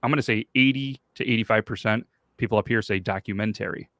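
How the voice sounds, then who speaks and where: A man's voice: on the low side, fast talker, a bit bright, no room sound, clean studio sound. A man hosting a podcast, rambling casually and swearing in loose banter. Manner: rambling, swearing, self-conscious. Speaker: podcast host.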